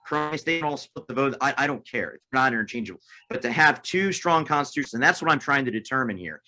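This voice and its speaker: A man's voice: mid-range voice, lively intonation, fast talker, sharp tone, low-quality recording. A man interviewed as a political candidate, speaking emphatically and repeating himself. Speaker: guest candidate.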